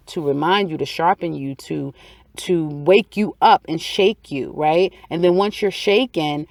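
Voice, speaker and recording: A woman's voice: low-pitched, a little mellow, dry recording. A woman giving a casual weekly tarot reading, chatty and repetitive, acting out people's inner thoughts. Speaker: tarot reader.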